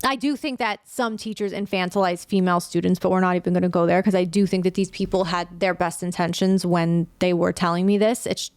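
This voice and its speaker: A woman's voice: fairly low pitch, steady tone, a little fast, hardly any pauses, no echo. A woman in her late twenties or thirties hosting a casual solo podcast, talking candidly and with feeling and swearing freely. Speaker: podcast host.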